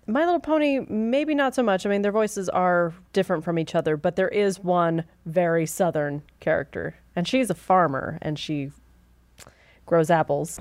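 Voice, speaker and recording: A woman's voice: on the low side, darkish tone, dry recording. A woman co-hosting a casual talk show, teasing and profane, laughing often. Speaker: podcast co-host. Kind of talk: casual chat.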